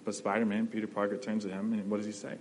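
A man's voice: lowish voice, flat delivery, very fast, slight background noise, poor audio. A man preaching a sermon in a conversational way, often checking in with "right?" and restarting his phrases.

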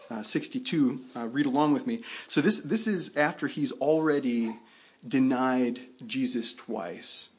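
Male pastor, slightly breathy voice, loose conversational sermon delivery. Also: mid-range voice. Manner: conversational preaching with frequent restarts.

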